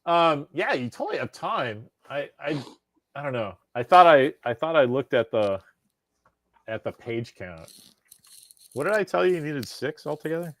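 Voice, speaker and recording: A man's voice: on the high side, normal speed, no echo. A man co-hosting a podcast, chatting casually and animatedly, swearing freely and restarting his sentences often. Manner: animated, profane, frequent restarts. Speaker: podcast co-host. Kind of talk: casual chat.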